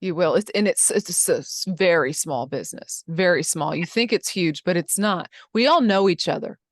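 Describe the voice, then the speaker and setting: A woman's voice: on the low side, normal speed, no room sound, clean studio sound. A woman giving blunt, emphatic career advice in a casual interview, calling listeners honey and baby.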